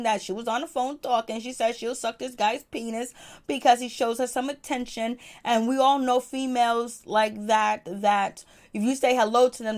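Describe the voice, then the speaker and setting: A woman talking casually as she reviews a TV episode, full of fillers and repeating phrases for emphasis. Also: medium pitch. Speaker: reviewer of a TV show. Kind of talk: casual commentary.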